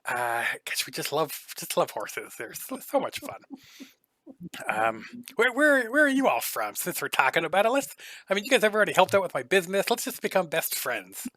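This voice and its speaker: A man's voice: sits high, sing-song, moderate pace, pushed and bright, no room sound, voice pushed up, full character voice. A man voicing a chatty, flirtatious male gnome shopkeeper who rambles on and on. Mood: rambling friendly. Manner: rambling, overly friendly, flirtatious.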